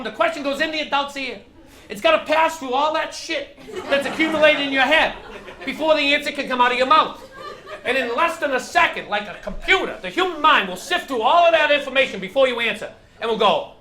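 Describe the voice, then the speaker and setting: A man doing stand-up, telling stories with animated voices for worried adults and excited kids. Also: extremely high pitch, fast talker, a crowd in the background. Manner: animated storytelling, acting out anxious inner voices. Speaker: stand-up comedian. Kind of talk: stand-up routine. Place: comedy club stage. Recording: live club recording, echoey room with audience laughter. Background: audience laughing.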